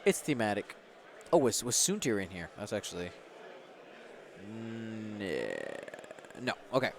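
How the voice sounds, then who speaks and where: Hosting and commentating a game tournament livestream, a man with a fairly low voice and lively intonation takes his time. He is upbeat and chatty with viewers, pumps up the chat and runs giveaways.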